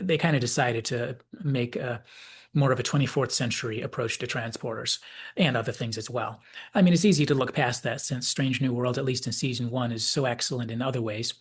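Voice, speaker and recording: A man giving a reflective spoken analysis, musing aloud and sometimes dropping to a soft whisper. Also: medium pitch, fairly quick, husky. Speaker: video essayist.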